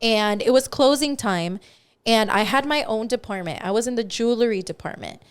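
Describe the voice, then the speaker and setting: A young woman co-hosting a podcast, telling a profane, animated story with acted-out quotes in casual chat. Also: a little high, moderate pace, clean tone. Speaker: podcast co-host.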